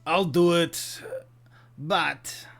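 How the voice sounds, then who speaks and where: A man voicing a greedy male weapon shop merchant with an odd put-on accent, haggling slowly. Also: on the high side, fairly even intonation, creaky, a bit bright, voice pushed up, heavily acted. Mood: sly. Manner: haggling, slow and drawn out.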